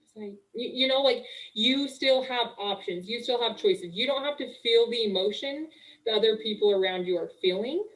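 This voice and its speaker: A young woman working as a marriage coach, talking casually and warmly on a live webinar, full of "like" and "okay", speaking through a video call mic. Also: a little high, moderate pace, low-quality recording. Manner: chatty, upbeat, full of "like" and "okay".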